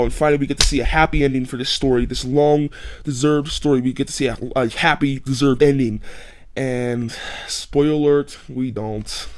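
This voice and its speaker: A man giving a casual, rambling game review, full of restarts and fillers and getting emphatic at times. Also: mid-range voice. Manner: emphatic, gets loud when excited.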